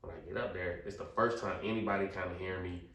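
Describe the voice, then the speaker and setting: A man's voice: deep voice, steady tone, fast talker, fairly bright tone. A young man, a podcast guest, tells his life story in casual, loose, slang-heavy talk, leaning on "you know what I'm saying.". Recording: roomy, distant-mic podcast recording.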